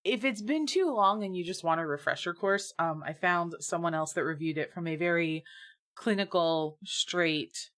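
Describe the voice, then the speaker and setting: A woman co-hosting a casual podcast, speaking in a fairly low voice. She is blunt and swears freely. She often works herself up into animated, emphatic rants. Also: moderate pace. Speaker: podcast co-host. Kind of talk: casual chat.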